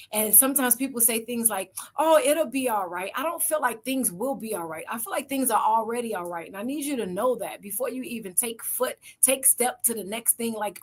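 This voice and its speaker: Middle-aged woman speaker, kinda high voice, tells stories and does the voices. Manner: storytelling, acting out quoted voices. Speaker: event speaker. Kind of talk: motivational talk.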